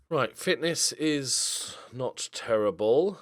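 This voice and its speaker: A young man giving casual gameplay commentary, excitable, swinging from mumbled asides to loud outbursts. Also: lowish voice, moderate pace, long pauses, no echo, clean studio sound. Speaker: gaming YouTuber.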